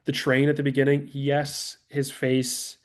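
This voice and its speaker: A man in a casual film podcast chat, animated, acting out movie lines and swearing casually. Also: mid-range voice, unhurried. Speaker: podcast co-host.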